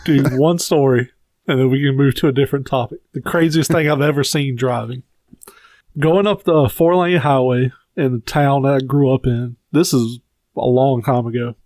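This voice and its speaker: A man's voice: medium pitch, fairly even intonation, moderate pace, a little mellow, no room sound. A man co-hosting a podcast in casual chat, cracking crude jokes and laughing often. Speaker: podcast co-host.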